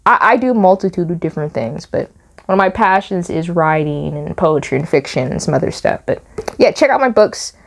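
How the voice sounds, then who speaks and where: Young female commentator, animated and incredulous, casual vlog delivery. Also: on the low side, fairly quick, vocal fry. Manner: animated, exasperated, repeats phrases for emphasis. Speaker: YouTube commentator and author.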